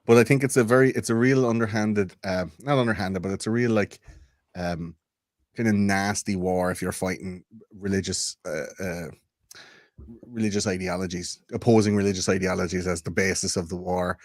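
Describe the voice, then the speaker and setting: A man's voice: low voice, steady tone, moderate pace, no echo. A man co-hosting a podcast in casual chat, rambling and swearing with many fillers. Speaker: podcast co-host.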